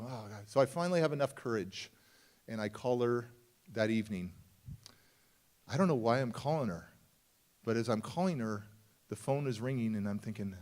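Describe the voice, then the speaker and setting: A man giving a motivational talk and taking audience questions at a summit. He speaks in a conversational, confiding way, with sudden shifts between loud, emphatic lines and quiet, hushed ones. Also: mid-range voice, moderate pace. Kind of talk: live storytelling talk and audience Q&A.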